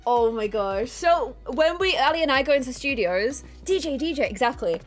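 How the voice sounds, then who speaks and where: A young woman hosting a casual vlog, excitable and gasping with delight as she chats. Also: sits high, measured pace, faint music behind. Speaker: vlog host. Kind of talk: casual chat.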